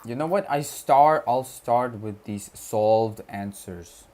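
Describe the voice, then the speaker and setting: A man's voice: medium pitch, a little mellow. A young man from Kerala, India, whose first language is Malayalam, chatting casually on a study livestream and reading chat messages aloud with slang. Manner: slow, laid-back, reads chat aloud with slang.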